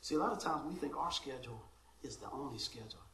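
A man's voice: medium pitch, animated, quick pace, fairly bright tone, echoey room, a little hiss or hum. A man, a pastor telling a comic story at the start of his sermon and laughing often along the way.

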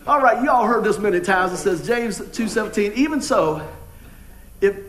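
A middle-aged pastor, preaching a sermon with jokes and folksy storytelling. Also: male voice, sits high, fairly quick. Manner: folksy, joking, animated storytelling. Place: church sanctuary. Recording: echoey church room.

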